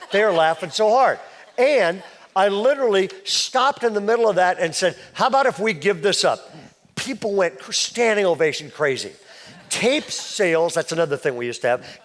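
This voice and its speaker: High-voiced storytelling male pastor. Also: a bit bright. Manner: chatty, self-deprecating storyteller. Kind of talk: sermon with a humorous story. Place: church stage before a live congregation.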